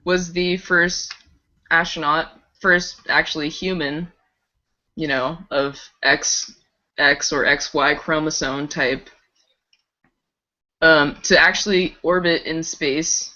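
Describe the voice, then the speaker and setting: A woman's voice: low voice, steady tone, slow pace, long pauses, pushed and bright. A woman co-hosting a casual live-streamed chat, giggling as she shares fun facts. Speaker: podcast co-host. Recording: dull lo-fi stream audio.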